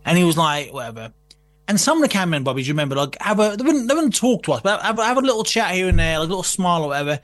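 A man's voice: high voice, big pitch swings, very fast, few pauses, faint music behind. A man telling a story in casual chat, swearing and laughing as he goes. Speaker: guest.

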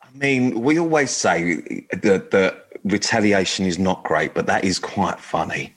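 A man's voice: deep voice, a little slow, breathy edge. A man co-hosting a radio dating show, rambling and joking with lots of fillers. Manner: jokey, rambling, full of fillers. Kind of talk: casual chat.

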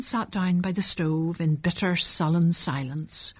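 A woman narrating a children's storybook in a calm, measured reading. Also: lowish voice, husky.

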